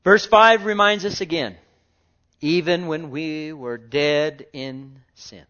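A man preaching a sermon with fervor, dropping to hushed murmurs and rising to loud exclamations, full of rhetorical questions. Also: fairly high pitch, steady tone, slow. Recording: dull lo-fi recording.

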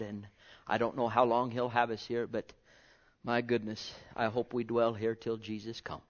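A man preaching a sermon, reading scripture and swinging from booming to hushed, drawing out his words. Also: steady tone, fairly quick. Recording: dull lo-fi sermon recording.

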